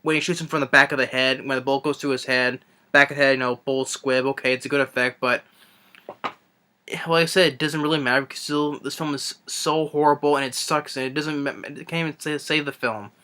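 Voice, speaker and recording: A man's voice: mid-range voice, steady tone, sharp tone, clean tone. Exasperated man rambling through a film rant. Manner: rambling, halting, frequent restarts and fillers; exasperated, scornful. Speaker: movie reviewer. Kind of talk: unscripted ranting film review.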